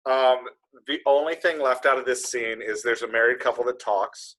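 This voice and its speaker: Male podcast host, rambling jokey chat, husky and pressed. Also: medium pitch, normal speed, a bit bright. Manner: rambling, self-correcting, jokey. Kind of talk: casual chat.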